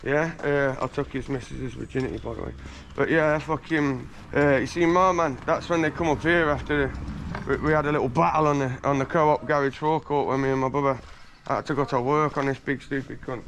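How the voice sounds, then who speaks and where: A man's voice: mid-range voice, steady tone, brisk, hardly any pauses, fairly bright tone, a little hiss or hum. A man from England telling boastful stories in a casual, slangy street interview, swearing freely while standing outdoors on a residential street.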